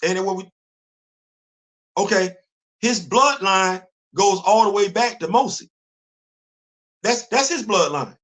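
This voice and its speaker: Animated high-voiced male stream host. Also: slow pace, pauses often. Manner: animated, rhetorical questioning, repeats himself. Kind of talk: live stream commentary.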